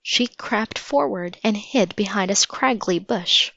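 Woman reading a kids' story, slow and steady, dry dull lo-fi sound. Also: mid-range voice, gravelly, no echo. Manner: steady, measured narration. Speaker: storybook reader. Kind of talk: children's book read-aloud. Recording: dull lo-fi recording.

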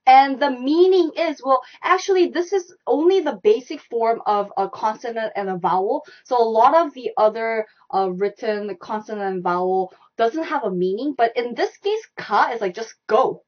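A woman with a Korean accent teaching a live online language class, repeating steps slowly and laughing often. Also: a little high, highs cut off. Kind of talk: live-streamed language lesson.

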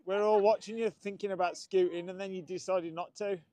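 A man's voice: high voice, fairly even intonation, fairly quick, mellow, dry recording. A man hosting a casual livestream outdoors, chatting and greeting viewers by name. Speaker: livestream host. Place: outdoors in sunshine.

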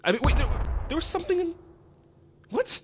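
A man hosting a reaction video, excitedly calling out what he sees and shouting in disbelief. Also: very high-pitched, fairly quick, slight background noise. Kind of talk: excited live reaction commentary. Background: trailer music playing.

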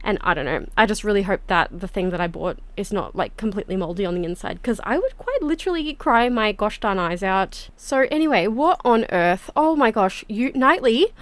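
A woman hosting a gaming channel, giving casual, chatty gameplay commentary with lots of quick exclamations. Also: mid-range voice, animated, no echo.

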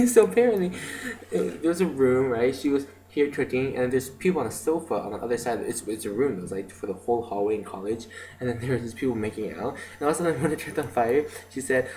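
Fast and expressive, a man with a medium-pitched, darkish voice rambles through stories in a casual video diary. He leans constantly on "like" and "um," and the recording sounds rough.

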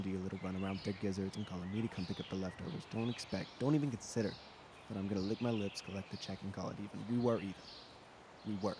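A man playing a low menacing grudge-holder. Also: noisy background, natural voice. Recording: music playing over the voice.

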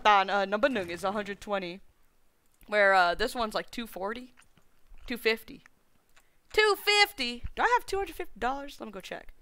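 A woman streamer with a mid-range, bright voice and a forceful tone gives live gameplay commentary. She thinks aloud and rambles to herself, using playful folksy slang.

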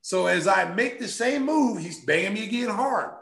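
A man in his fifties, a guest telling a casual anecdote, animated and laughing often as he acts out other people's lines. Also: sits high, normal speed, vocal fry. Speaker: guest, former pro basketball player. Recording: roomy echo.

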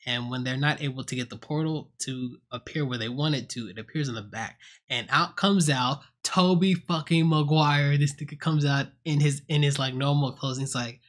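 A man's voice: mid-range voice, moderate pace, fairly bright tone. A man giving a casual spoken movie review at home on a close mic, retelling scenes with jokes, swearing and acted-out quotes. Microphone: own desk mic, close.

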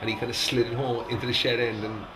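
A man's voice: medium pitch, level tone, fast, roomy sound, crowd noise, low-quality recording. A man, a football supporter reminiscing fondly about an old match. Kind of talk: reminiscing chat. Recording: background noise.

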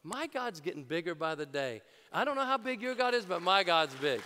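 High, bright-voiced preaching pastor. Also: male voice, fairly quick, few pauses, a little hiss or hum. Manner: energetic, jokey preaching with rising shouts. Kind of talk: sermon. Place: large church auditorium. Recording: reverberant church hall.

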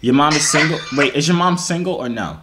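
Young man teasing strangers over noisy video chat. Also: a little fast.

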